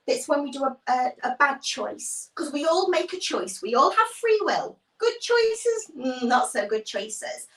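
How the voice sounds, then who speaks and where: A woman's voice: high-pitched, recorded from a distance. A woman leading a children's church livestream, animatedly telling a Bible story and greeting viewers from the comments. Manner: animated, acts out voices, reads viewer comments. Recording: echoey room, off-mic.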